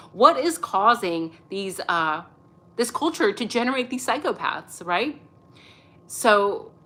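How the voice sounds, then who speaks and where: A woman with a clear, bright voice hosts her own channel and talks through her views in casual commentary. She keeps it loose and chatty, checking in with the listener with a quick "right?" after her points. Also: medium pitch. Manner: conversational, keeps tagging "right?". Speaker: channel host.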